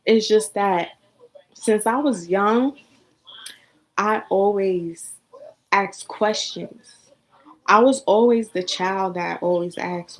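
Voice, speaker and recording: A young woman talks straight to camera in a personal vlog. Her pitch sits in the middle, and her delivery is earnest and casual. She repeats phrases and now and then drops to a whisper. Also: slow, long pauses, rough recording. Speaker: vlogger. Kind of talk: emotional personal vlog monologue.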